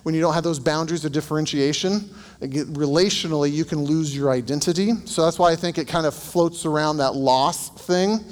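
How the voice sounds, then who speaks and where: A man's voice: a little high, fairly quick, long reverb tail. A man working as a counselor, teaching a group in a casual, anecdotal way and asking them questions. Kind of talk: conversational teaching.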